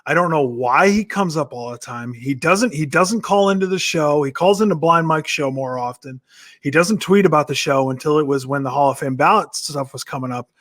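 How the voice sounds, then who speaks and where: A man's voice: a little high, normal speed, fairly bright tone. A man co-hosting a podcast, teasing the others and egging them on in casual chat. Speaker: podcast co-host.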